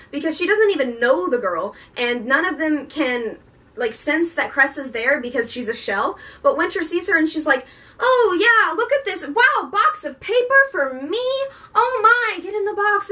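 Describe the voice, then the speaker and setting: Bright, high-voiced gushing young woman. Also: far from the mic. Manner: gushing, chatty, emotional. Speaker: book vlogger. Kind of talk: casual book review.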